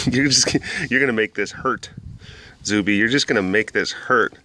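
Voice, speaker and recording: A man who keeps big cats, gently scolding and coaxing his animals on camera. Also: on the low side, a little slow. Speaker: big cat keeper.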